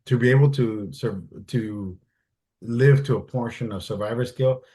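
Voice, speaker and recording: A man's voice: mid-range voice, measured pace, dark tone. A man in his forties, a Marine veteran guest, telling long stories in a loose, rambling way and acting out the other people in them. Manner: loose and rambling, heavy use of "like" and "I'm like"; acts out the voices of others in his story. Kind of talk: casual interview storytelling.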